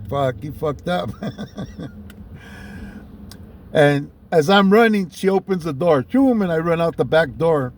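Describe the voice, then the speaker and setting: Gravelly laid-back LA man. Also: high voice, darkish tone. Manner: laid-back, peppers speech with "man" and "you know", chuckles often. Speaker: storyteller. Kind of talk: casual personal storytelling.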